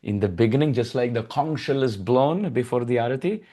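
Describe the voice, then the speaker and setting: A man giving a devotional discourse, telling sacred stories with lively expression and reciting Sanskrit verses. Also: mid-range voice, a little fast. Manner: animated storyteller, acts out baby voices and chants Sanskrit verses. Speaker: spiritual speaker.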